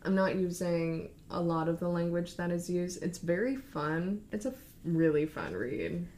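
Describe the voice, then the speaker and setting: A woman's voice: moderate pace, a little hiss or hum. Young woman retelling a wild story. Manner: lively, acts out quotes with shifting pitch. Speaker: podcast co-host. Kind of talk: casual storytelling recap.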